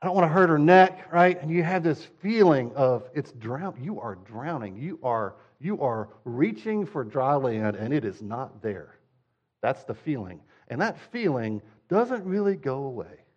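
A man's voice: mid-range voice, big pitch swings, a little slow, darkish tone, husky. A man delivers a humorous sermon about parenting, his energy swinging as he acts out little scenes. His voice sits in a middle register. The recording is a bit dull and lo-fi. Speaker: father.

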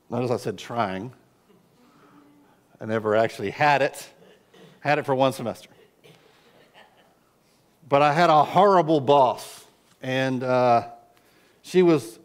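A middle-aged pastor with a mid-range voice preaches earnestly, building his sermon around stories. He suddenly bursts out loudly whenever he acts out his own cries.

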